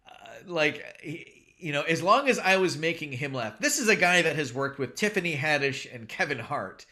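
Bright-voiced man, hesitant and halting. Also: fairly high pitch, very animated. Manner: hesitant, full of fillers. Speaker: guest actor. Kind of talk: casual interview.

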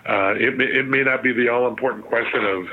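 A man's voice: medium pitch, steady tone, fast talker. Man on a tinny phone line. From Southern California. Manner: chatty, many fillers and restarts. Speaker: guest, sports museum president. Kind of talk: phone interview storytelling.

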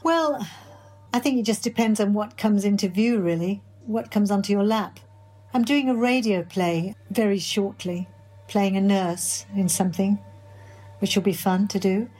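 A woman's voice: medium pitch, normal speed, a little mellow, breathy edge, faint music behind. An older woman from Birmingham, an actress being interviewed, answering in a chatty, enthusiastic way. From Birmingham, England. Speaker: actress guest.

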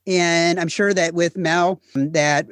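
A man's voice: on the high side, steady tone, slow pace, fairly bright tone, no room sound. A man hosting an interview, asking long, earnest questions. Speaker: host.

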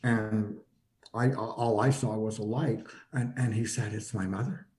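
A man with a mellow, warm tone tells a personal story in an easygoing conversational way. He stops and restarts often, repeating words as he gathers his thoughts, and lifts his pitch when he acts out what other people said. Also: fairly even intonation. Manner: halting, full of repeated restarts; acts out quoted lines with shifts in pitch. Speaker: guest recounting personal experience.

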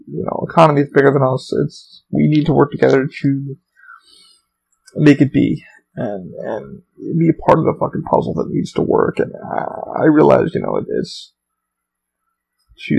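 Man, podcast host, gravelly, rambling, profane, casual storytelling. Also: fairly high pitch, fairly even intonation, fairly quick, darkish tone, slight background noise, poor audio. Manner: profane, rambling, heavy swearing. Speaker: theme park worker.

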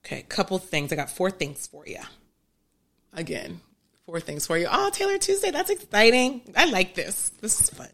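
Emphatic low-voiced woman host. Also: sharp tone. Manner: emphatic, repeats key phrases, chatty asides. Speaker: podcast host and therapist. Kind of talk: casual live Q&A advice talk.

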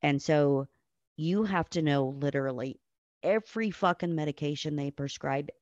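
A woman's voice: sits low, moderate pace, a little mellow, no echo, muffled recording. Blunt, cursing woman telling stories. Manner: blunt and profane, acts out quoted people. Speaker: guest, nurse. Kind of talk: casual storytelling on a podcast.

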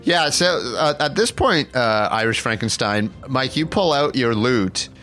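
Male game master narrating a tabletop game: playful, very expressive delivery. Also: medium pitch, a little slow, soft background music.

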